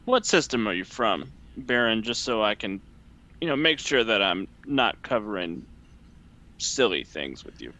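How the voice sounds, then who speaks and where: A man playing his character in a tabletop role-playing game, wry and quick with a reply. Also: lowish voice, big pitch swings, bright, forceful tone. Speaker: player.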